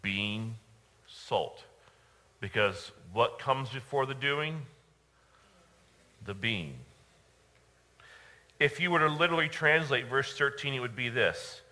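A male pastor preaching a sermon, emphatic, with dramatic pauses and repeated phrases. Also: mid-range voice, sharp tone. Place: church.

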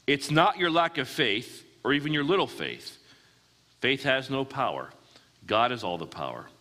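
A man's voice: medium pitch, very animated, normal speed, sharp tone. A man preaching a sermon, often asking his listeners questions and answering them himself. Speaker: pastor. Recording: hall with long reverb.

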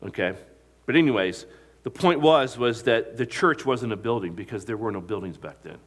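A man's voice: medium pitch, lively intonation, normal speed. A male pastor preaching a sermon, telling stories and asking the congregation questions that it answers. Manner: asks the congregation questions and lets them fill in the answer; storytelling, retelling movie scenes.

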